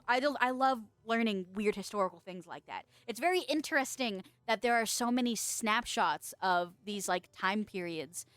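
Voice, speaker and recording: A woman's voice: medium pitch, fairly bright tone, dry recording. A woman VTuber streamer chatting casually with her viewers, rambling, laughing often and swearing freely. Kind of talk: casual livestream chat.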